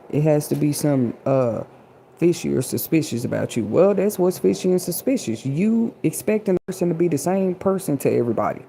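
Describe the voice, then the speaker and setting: A woman's voice: low-pitched, dark tone, a little hiss or hum. A woman hosting an inspirational livestream, talking casually and a bit preachily straight to her chat audience. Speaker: livestream host.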